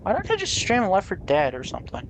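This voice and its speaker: A tired streamer from Canada talks in a loose, wandering way during a live game stream. The talk drifts and stalls on hesitant fillers, and the voice sits at a middling pitch. A faint background hum runs underneath. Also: wildly swooping pitch, fast talker. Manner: rambling, trailing off, hesitant. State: tired, sleepy. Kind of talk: casual live-stream chat.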